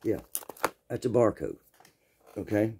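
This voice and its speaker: Older southern guy rambling through a story, deep-ish dark mellow voice, repeats himself a lot. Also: very animated, measured pace, vocal fry, slight background noise. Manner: folksy, rambling, repeats his words. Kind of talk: casual spoken storytelling.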